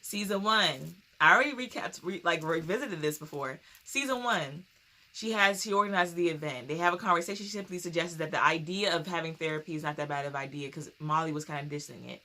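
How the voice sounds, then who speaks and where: A woman's voice: low voice, quick pace, bright, forceful tone. A young woman hosting a casual TV recap, talking in an emphatic, slangy way and repeating her points for effect. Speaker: TV recap host.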